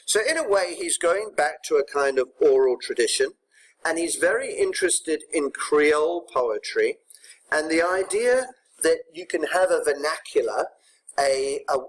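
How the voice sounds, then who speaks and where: Brief: man, teacher's voice, fairly high, brisk and explanatory, checking in with students. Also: slightly rough, rough recording. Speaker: English teacher. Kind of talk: recorded poetry lesson.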